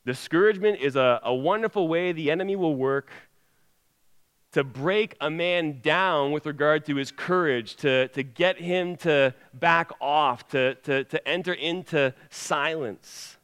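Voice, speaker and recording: A man's voice: on the high side, measured pace, fairly bright tone, clear, resonant tone. A man preaching a sermon with an emphatic delivery that rises and falls. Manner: emphatic, rising and falling delivery. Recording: long hall reverb.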